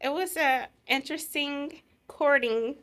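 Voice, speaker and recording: A woman's voice: sits high, measured pace, fairly bright tone. A middle-aged woman casually telling the story of her engagement, laughing often as she goes. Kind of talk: casual chat.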